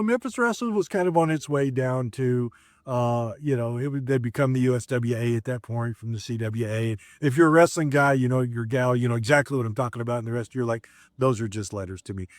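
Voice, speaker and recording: A man's voice: mid-range voice, lively intonation, a little fast, no room sound, studio quality. A middle-aged man, a former wrestler, telling stories in a casual, rambling way with lots of fillers and restarts. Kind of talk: casual storytelling.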